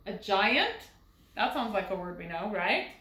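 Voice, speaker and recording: Patient, slow-speaking woman teacher. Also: medium pitch, big pitch swings, fairly bright tone, roomy sound, rough recording. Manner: patient, sounds words out slowly syllable by syllable; asks rhetorical questions to guide young students. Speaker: first grade teacher. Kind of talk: recorded phonics lesson.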